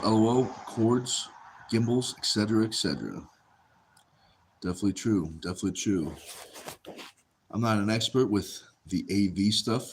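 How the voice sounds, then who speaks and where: A man's voice: on the low side, slight background noise. A man hosting a casual livestream, reading viewer comments aloud and answering in an easygoing way, often saying a phrase twice. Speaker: livestream host.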